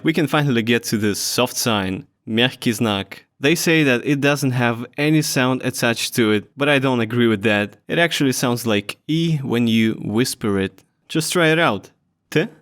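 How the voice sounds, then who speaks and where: A man's voice: medium pitch, fairly bright tone. A man with a Russian accent gives a pronunciation lesson, saying each sound and word twice. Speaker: language teacher.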